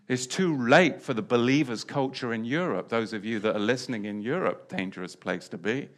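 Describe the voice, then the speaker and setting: A man preaching a sermon, repeating key phrases and swinging between loud declarations and quiet asides. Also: medium pitch, fairly quick.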